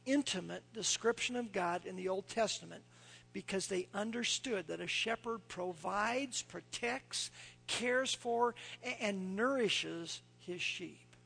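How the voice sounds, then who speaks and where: Gravelly high-voiced man preaching. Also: takes it slowly. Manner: folksy storytelling that drops to a hushed near-whisper for scripture. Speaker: pastor. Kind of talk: sermon.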